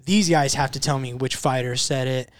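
A man's voice: medium pitch, steady tone, normal speed, no room sound. A young man hosting a casual chat, upbeat and joking, laughing often. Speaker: podcast host.

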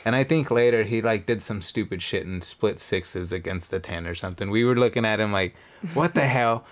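A man's voice: lowish voice, a little fast. A man co-hosting a podcast, telling a casino story in casual chat, acting out the people in it and swearing freely. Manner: animated storyteller, acts out quotes, swears casually. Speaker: podcast co-host.

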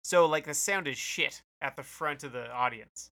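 Man, podcast co-host, slightly high, bright voice, rambling with fillers. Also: moderate pace, gravelly. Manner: rambling, hesitant storytelling with many fillers. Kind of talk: casual podcast chat.

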